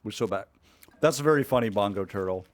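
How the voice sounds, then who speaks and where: A man's voice: lowish voice, lively intonation, a little fast. A man from Alaska joking and coaching his partner on a casual game stream. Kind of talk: casual gaming stream chat.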